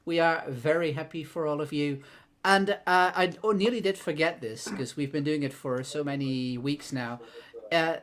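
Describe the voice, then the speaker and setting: A man co-hosting a casual livestream, relaxed and laughing often, with lots of fillers. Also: on the high side, normal speed, a little hiss or hum. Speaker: co-host.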